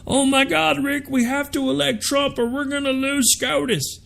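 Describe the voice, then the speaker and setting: A man's voice: very high voice, level tone, normal speed, creaky, a bit bright, voice pushed up, heavily acted. A man putting on the voice of a panicky male voter who whines and pleads. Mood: panicked. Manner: whiny, pleading.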